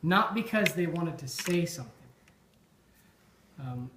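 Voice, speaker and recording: Man, toast speaker at a supper; reflective, halting delivery with ums; slightly high voice; roomy, echoey hall sound. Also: expressive, background noise. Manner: thoughtful, with frequent ums and restarts. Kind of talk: informal after-dinner toast.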